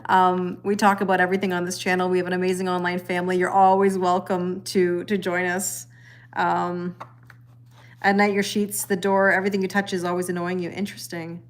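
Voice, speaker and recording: A woman's voice: fairly low pitch, level tone, fairly quick. A middle-aged woman hosting a casual tarot live stream at home, chatting and greeting viewers by name, laughing often. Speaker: tarot reader livestream host.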